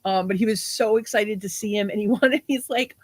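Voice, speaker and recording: A woman's voice: medium pitch, a little fast, no echo. A woman in her forties co-hosting a podcast, chatting casually with lots of laughter and some swearing. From half Portuguese. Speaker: podcast co-host. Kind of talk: casual livestream chat.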